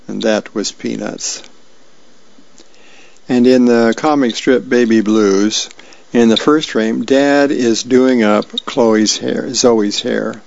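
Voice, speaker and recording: A man reading the comics and birthday list aloud for a reading service, folksy and unhurried with small slips and asides. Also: medium pitch, steady tone, creaky, darkish tone. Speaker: volunteer newspaper reader. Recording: dull lo-fi radio recording.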